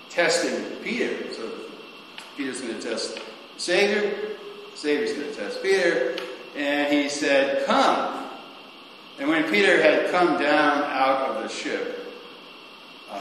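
Male preacher, mid-pitched, slow and halting, with lots of restarts; recorded in a cavernous, reverberant hall. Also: fairly bright tone, slight background noise. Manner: halting, with frequent restarts and repeated words. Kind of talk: sermon on scripture. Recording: very echoey hall with long reverb and faint ambience.

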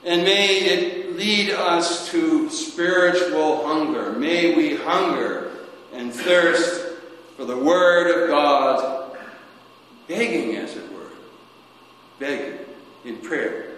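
A man delivering a sermon at an unhurried, deliberate pace, rising suddenly and then falling to a near murmur. His voice rings through a big echoey church with a long reverb tail, with a faint hiss in the background. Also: on the high side, lively intonation. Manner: slow, halting, with sudden rises and soft drops. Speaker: preacher.

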